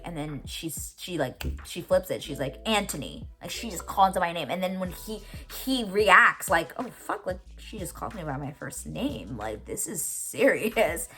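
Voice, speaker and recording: A woman hosting a podcast casually recaps a TV episode, gushing and teary, emotionally retelling its scenes with quoted lines. Her voice sits low and is a bit bright.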